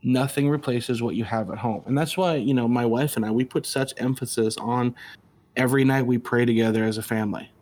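A middle-aged man speaking as a guest, earnest and conversational. He keeps restarting his sentences and acts out other people's words as he tells a family story. His pitch sits in an everyday middle range. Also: steady tone, fairly quick, a little mellow. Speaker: guest, father. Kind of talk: casual storytelling.

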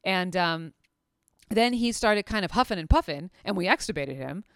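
A woman's voice: fairly low pitch, moderate pace, clear, resonant tone, no echo, studio quality. Chatty woman veterinary anesthetist. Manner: chatty, animated, full of fillers and restarts. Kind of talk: casual storytelling.

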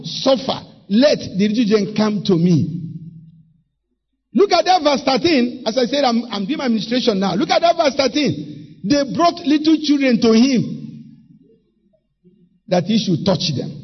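A man's voice: very high voice, animated, unhurried, long pauses, slightly rough, muffled recording. A middle-aged Nigerian man preaching a sermon emphatically, switching between English and Igbo.

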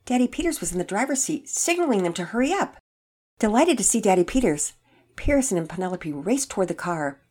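A woman host announcing contest winners and reading a children's story aloud clearly. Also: medium pitch, brisk. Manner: clear and animated.

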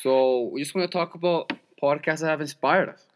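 A man's voice: on the high side, a little fast. A young man co-hosting a podcast, talking through games and betting picks in an easygoing way and laughing along. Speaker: podcast co-host. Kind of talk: casual sports-betting chat.

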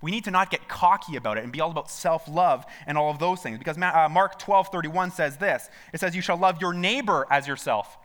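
Male pastor, slightly high and bright voice, casual preaching with rhetorical questions. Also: brisk, few pauses. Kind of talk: sermon.

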